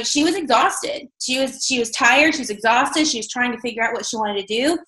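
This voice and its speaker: A woman's voice: a little high, fairly bright tone. Chatty woman speaker in an echoey room. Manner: chatty, candid, self-deprecating, many fillers. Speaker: motivational speaker at a sales team event. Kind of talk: conversational motivational talk.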